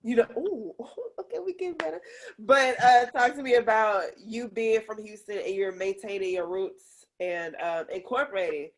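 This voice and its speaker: A woman's voice: mid-range voice, normal speed. A woman co-hosting a podcast interview over a video call, bubbly and teasing, with a sing-song way of opening the show. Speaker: co-host.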